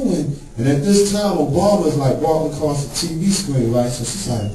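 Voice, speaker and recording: Male stand-up comic, raunchy storyteller, slightly high voice, roomy club sound with faint ambience. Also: very animated, normal speed, far from the mic, crowd noise. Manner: profane storytelling, acts out characters in high voices. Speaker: stand-up comedian. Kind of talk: stand-up set. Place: comedy club stage.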